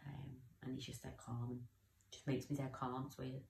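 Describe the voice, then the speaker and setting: A woman's voice: rumbling low, level tone, moderate pace, gravelly, darkish tone, echoey room, slight background noise. A young woman talking candidly in a personal vlog, rambling and often losing her train of thought. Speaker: vlogger.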